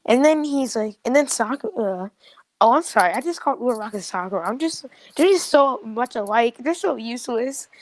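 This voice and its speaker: A woman's voice: a little high, expressive, brisk, no room sound, poor audio. A young woman casually improvising a fan story, chatty and correcting herself as she goes.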